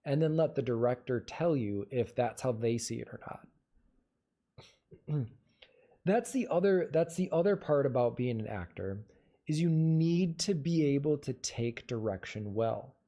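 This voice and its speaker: Guy on a livestream giving advice, low mellow voice, chatty and loose. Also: lively intonation, unhurried. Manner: conversational, advice-giving, restarts words. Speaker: livestream host. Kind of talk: casual livestream chat answering viewer questions.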